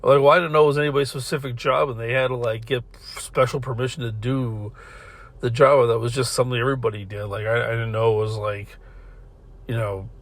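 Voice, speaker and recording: Man with a middle-pitched voice, casual podcast storyteller in a car, rambling and profane, laughs often. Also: fairly even intonation, brisk. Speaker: podcast host.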